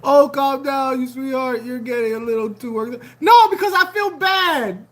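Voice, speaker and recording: An aquarium channel host chatting casually on a livestream, animated and joking, often repeating phrases. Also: high voice, moderate pace.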